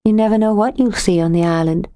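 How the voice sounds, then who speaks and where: A woman voicing a jumpy young woman with a tense, high voice in an audiobook reading. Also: fast talker, mellow, close to an everyday voice. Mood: polite, guarded.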